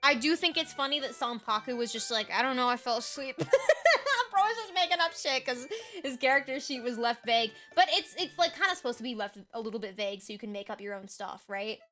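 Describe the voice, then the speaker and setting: Young woman, streamer, bright forceful tone, higher voice, chatty, rambling, laughs a lot, slightly hoarse, faint music behind. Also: lively intonation, a little fast. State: hoarse, tired. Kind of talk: casual chat recapping a role-play game.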